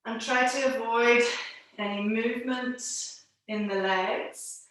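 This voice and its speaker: Woman pilates teacher on a video call, slow easy cues, bit breathless, kinda high voice, boomy room. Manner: calm instructing, counting holds aloud. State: a little out of breath. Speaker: pilates instructor. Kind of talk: live online exercise class. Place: at home. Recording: echoey room, distant mic.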